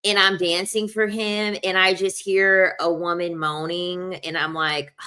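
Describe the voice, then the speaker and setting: A young adult woman telling personal stories in a casual, animated way, laughing often and acting out what people said. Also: fairly low pitch, slow. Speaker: video host. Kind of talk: casual storytelling.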